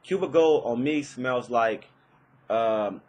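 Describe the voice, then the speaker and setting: A man's voice: mid-range voice, slow, a little mellow, poor audio. A young man giving a casual, rambling fragrance review, with many fillers and restarts.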